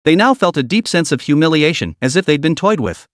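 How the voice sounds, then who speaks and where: A man narrating a game fantasy story in an even scripted storytelling manner, voicing the quotes only lightly. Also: a little high, a little fast, dry recording, studio quality.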